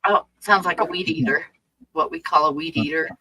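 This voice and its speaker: Bright-voiced woman hosting a stream. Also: deep voice, fairly even intonation, husky, rough recording. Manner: upbeat, reads chat, quick agreeing replies. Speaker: livestream host. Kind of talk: casual chat.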